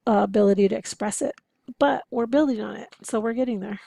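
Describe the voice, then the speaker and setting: Female instructor, encouraging lecture tone, mellow voice with a dry, close sound. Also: mid-range voice, fast talker, gravelly, no room sound. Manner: explanatory, encouraging, occasionally laughing. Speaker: interpreting instructor. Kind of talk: recorded lecture over slides.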